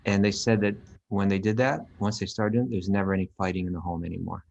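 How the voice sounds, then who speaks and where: A man calmly recalling a story in a relaxed, casual conversation. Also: deep voice, fast talker, vocal fry, muffled recording.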